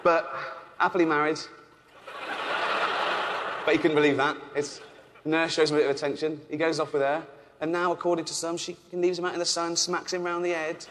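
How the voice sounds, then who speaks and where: A man from England doing a deadpan, offhand stand-up routine on stage at a charity event. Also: on the high side, brisk, pauses often, big-room sound. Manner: deadpan, offhand, with frequent ums and chuckles. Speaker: stand-up comedian. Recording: noisy live venue.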